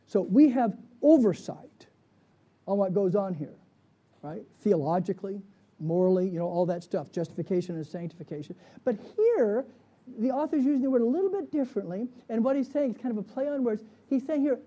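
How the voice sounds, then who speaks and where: A man's voice: high voice, warm tone. A man, a pastor, leading a conversational Bible study, often checking in with the class with questions.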